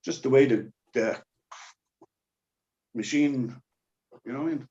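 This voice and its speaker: A man's voice: medium pitch, a little slow, warm tone, muffled recording. A man in casual podcast chat, rambling along with lots of fillers and restarts.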